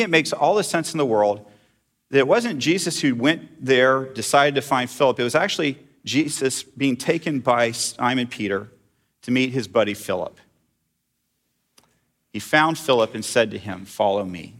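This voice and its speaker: A man's voice: medium pitch, fairly bright tone. A middle-aged man preaching a sermon in a conversational way, putting questions to his congregation. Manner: conversational, asks the audience questions. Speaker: pastor.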